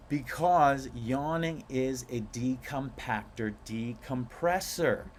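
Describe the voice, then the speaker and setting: A man teaching a guided breathwork class in a playful, animated way, stretching out key words for emphasis. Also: mid-range voice, normal speed, few pauses, a little hiss or hum. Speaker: breathwork instructor.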